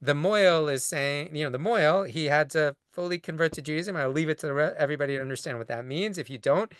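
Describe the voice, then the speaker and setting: A man's voice: fairly high pitch, quick pace, fairly bright tone, smooth, no room sound, clean studio sound. A man, a rabbi, giving a conversational lecture over a video call, long-winded and full of restarts. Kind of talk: conversational lecture answering a question.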